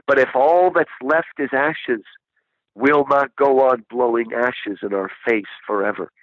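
A man voicing a wise older male Scottish spirit guide with a Scottish accent, speaking slowly and gently over a dull, dry lo-fi recording. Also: medium pitch, fairly even intonation, dry recording, voice pushed down. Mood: musing.

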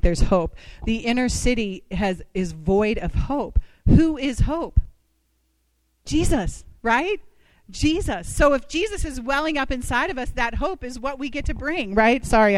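Woman telling her church testimony, chatty and animated, smooth clear voice, dry sound. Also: medium pitch, no echo, poor audio. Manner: animated storyteller with rhetorical questions and asides. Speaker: church community speaker. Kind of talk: personal testimony talk.

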